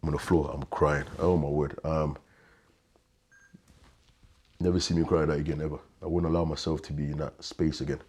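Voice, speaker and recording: Very deep-voiced man, halting. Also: little pitch movement, breathy edge. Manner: halting, repeats words, often quiet and subdued. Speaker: interview guest. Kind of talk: emotional personal storytelling.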